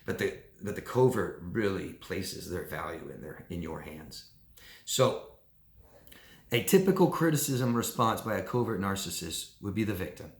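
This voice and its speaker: Animated male coach in an echoey room. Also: sits low, normal speed, creaky. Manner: animated, repeats words, acts out examples. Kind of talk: casual talking-head video.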